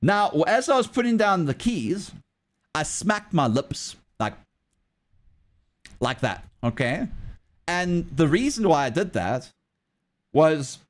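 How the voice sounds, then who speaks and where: Animated rambling male livestreamer. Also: a little high, slow pace, pauses often. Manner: rambling storytelling with many restarts, swears, laughs. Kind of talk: casual chat while drawing on a livestream.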